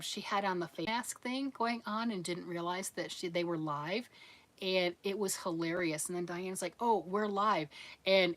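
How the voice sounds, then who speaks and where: Woman, middle-aged, livestream crafting host, chatty, encouraging, laughs often, lowish voice. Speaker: livestream host of a crochet channel. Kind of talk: casual livestream chat reading viewer comments.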